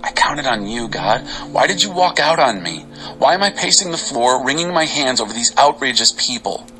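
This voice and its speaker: A man giving an expressive, dramatic reading of Bible psalms over faint music. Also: medium pitch, moderate pace, rough recording. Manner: expressive, varied delivery. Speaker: scripture reader.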